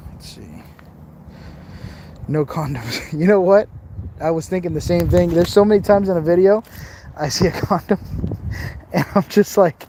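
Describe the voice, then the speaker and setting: A man's voice: high voice, normal speed, long pauses, warm tone, slight background noise. A tired man chatting casually on a phone live stream while he explores outdoors, rambling, joking and reading viewer comments aloud. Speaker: livestream host exploring outdoors. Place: outdoors on rough open ground. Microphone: phone camera held while walking.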